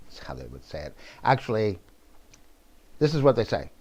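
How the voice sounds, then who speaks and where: A man with a mid-pitched voice gives a casual political monologue. He wanders from one point to the next and offers his opinions freely. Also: big pitch swings, moderate pace, long pauses, darkish tone. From New Brunswick, Canada. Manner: rambling, digressive and opinionated. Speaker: vlogger.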